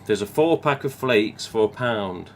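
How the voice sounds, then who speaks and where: A lowish-voiced man with an English Midlands accent rambles through a casual live stream from home. He reads out viewer comments, swears freely, and keeps drifting between topics. Faint room hiss sits behind his voice. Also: lively intonation, measured pace. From England.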